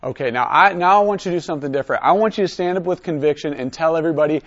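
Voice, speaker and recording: An energetic man leads a high school Bible lesson, urging students to stand and read. His voice sits fairly high, and the recording sounds a little dull. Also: rapid-fire. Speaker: teacher.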